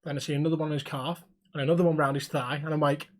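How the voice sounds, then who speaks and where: A man tells a story at a quick clip on a casual podcast, swearing freely and acting out what people said. His voice sits a little high for a man. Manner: animated storyteller who swears and acts out dialogue. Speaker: podcast co-host.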